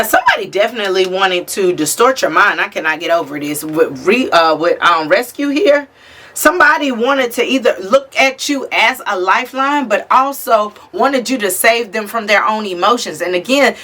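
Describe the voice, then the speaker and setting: Bright-voiced woman giving a blunt tarot reading. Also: medium pitch. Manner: blunt and chatty, swears freely, speaks straight to the viewer. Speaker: tarot reader. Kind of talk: casual spiritual reading to camera.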